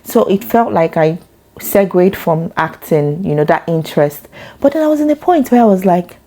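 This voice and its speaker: A woman, telling her own story in a reflective, expressive way that leaps up in pitch when she gets excited. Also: normal speed. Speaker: mother sharing her story. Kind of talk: reflective personal talk.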